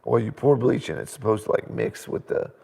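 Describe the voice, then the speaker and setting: A middle-aged man hosting a casual live question-and-answer chat at home, an animated storyteller who laughs often. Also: mid-range voice, fairly quick, vocal fry, breathy edge. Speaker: host. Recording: reverberant room sound.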